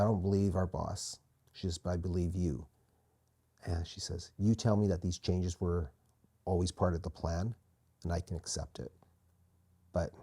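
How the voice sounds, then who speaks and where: A man as an interview guest, quietly and earnestly telling his personal faith testimony. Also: low-pitched, breathy edge. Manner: quiet, earnest, reflective storytelling.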